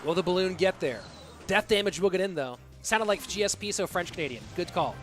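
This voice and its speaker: With a high voice and a brisk delivery, a thirties-aged streamer casts a live online match over soft background music. He keeps it casual and chatty with viewers and reads their donations aloud.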